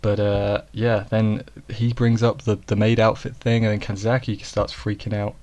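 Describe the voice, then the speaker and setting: A man's voice: fairly low pitch, level tone, normal speed, darkish tone, lo-fi sound. Rambling man reviewing anime. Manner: rambling, self-correcting, jokey asides. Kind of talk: casual episode review.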